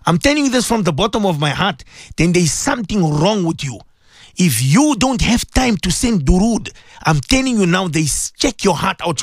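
Man, radio sermon, pleading and emphatic, repeats himself, very lively pitch swings, dry close sound. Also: no room sound. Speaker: radio religious presenter.

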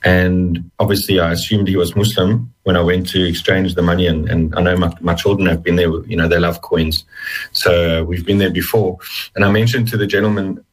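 A middle-aged man being interviewed, telling his story earnestly with halting restarts, emotional and close to tears. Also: low voice, level tone, rough recording. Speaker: interview guest. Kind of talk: personal testimony in an interview.

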